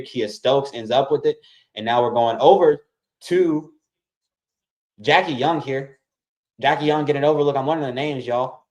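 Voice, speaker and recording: A man hosting a casual watch-along, calling basketball play-by-play and talking straight to his viewers. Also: medium pitch. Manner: excitable, keeps addressing viewers as y'all.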